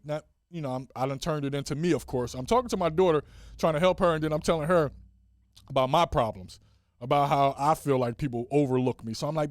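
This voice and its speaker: Man, casual podcast monologue, animated delivery, acts out voices, dry close sound, pitched a bit high. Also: quick pace, dry recording. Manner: animated storytelling, acts out dialogue with swings in pitch. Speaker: podcast host.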